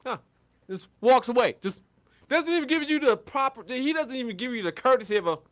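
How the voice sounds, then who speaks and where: A man co-hosting a casual podcast, telling stories in a lively, profane way and acting out the people he quotes. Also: very high-pitched, fast. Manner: animated storyteller, acts out quotes, lots of profanity. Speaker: podcast co-host.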